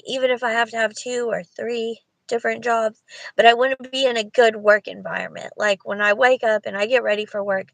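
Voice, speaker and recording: A woman talks through her plans in a loose livestream chat, rambling and thinking aloud to her viewers. Her voice sits a little high. The sound is close and dry. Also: a bit bright, no room sound, poor audio. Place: Walmart parking lot.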